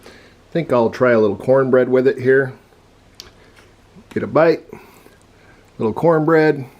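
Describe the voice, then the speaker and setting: Man, casual food taste-test, talks while chewing, mouth full, mid pitch. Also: unhurried, muffled recording. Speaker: food reviewer.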